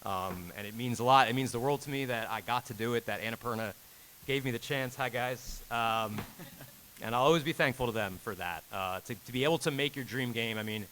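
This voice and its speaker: A game director in his thirties tells a long personal story to a live audience in a convention panel room, speaking a little fast with a bright, forward voice throughout. He acts out each quoted line with sudden jumps in pitch and laughs as he goes. The recording is low quality, with a faint hiss underneath.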